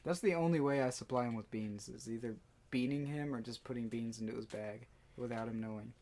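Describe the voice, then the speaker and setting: A teenage boy co-hosting a casual comedy podcast, playful and quick to laugh. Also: medium pitch, darkish tone. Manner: giggly, playful. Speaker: podcast co-host. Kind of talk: casual chat.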